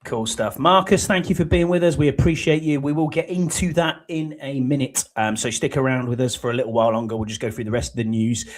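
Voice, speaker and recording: A man's voice: mid-range voice, fast, hardly any pauses. A man hosting a casual sports podcast, chatty, with frequent ums and "mate". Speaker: podcast host.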